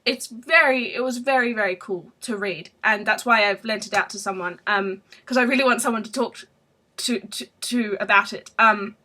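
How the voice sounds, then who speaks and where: Woman, book review vlog, casual chat, bright tone, frequent restarts. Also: mid-range voice, moderate pace. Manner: chatty, lots of ums and restarts.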